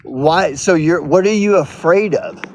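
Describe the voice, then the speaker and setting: A man's voice: fairly high pitch, unhurried, low-quality recording. A man ranting casually to his camera as a YouTuber, profane and rambling, often repeating himself. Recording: constant noise behind voice.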